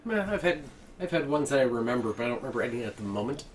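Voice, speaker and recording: A man's voice: medium pitch, lively intonation, rapid-fire. Man rambling from a distant mic. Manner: rambling storyteller, retells movie scenes with many restarts. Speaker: podcast co-host. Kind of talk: casual chat. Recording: distant mic with faint ambient noise.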